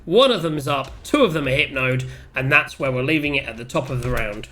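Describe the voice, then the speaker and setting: A man chatting excitedly as a player wrapping up a tabletop game session, swearing freely. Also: mid-range voice, fairly quick. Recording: faint music behind.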